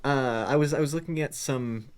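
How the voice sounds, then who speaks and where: A young man co-hosting a podcast, hesitant and filling pauses in casual chat. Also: mid-range voice, clean tone. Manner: hesitant, many fillers. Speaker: podcast co-host.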